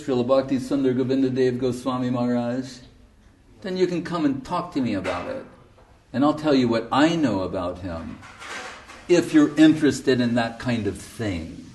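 A man's voice: mid-range voice, a little mellow, recorded from a distance. A man preaching as a spiritual teacher, emphatic and storytelling. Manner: emphatic, storytelling, often laughing. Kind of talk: sermon.

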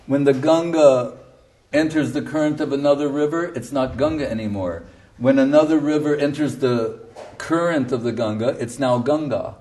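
In a mellow, medium-pitched voice at a moderate pace, a man gives an earnest devotional lecture as a spiritual teacher, emphasizing his points and occasionally chanting verses. He quotes his guru in Bengali and Sanskrit, and he sounds slightly distant from the microphone.

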